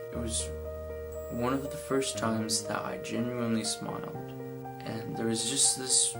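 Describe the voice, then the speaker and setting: A man's voice: medium pitch, low-quality recording. A sixteen-year-old boy talking candidly and reflectively about his own life. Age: teenage. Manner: candid, reflective, shifts into playful voices. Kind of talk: personal storytelling. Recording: music playing underneath.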